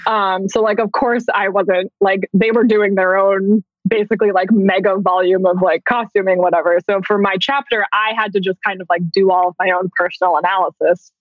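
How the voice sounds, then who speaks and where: A talkative woman guest rambles in a casual interview, tossing in "like" constantly. Her voice sits at a middle pitch and sounds muffled and lo-fi with no room echo. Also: fairly even intonation, a little fast, few pauses. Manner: chatty, heavy use of "like", self-conscious. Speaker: author and entertainment journalist. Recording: dull lo-fi dry sound.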